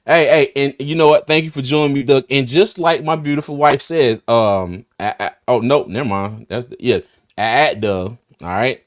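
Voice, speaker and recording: A man's voice: medium pitch, moderate pace. A man hosting a casual livestream, laughing often and talking in loose, restarting bursts. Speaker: host of a live draft-night stream.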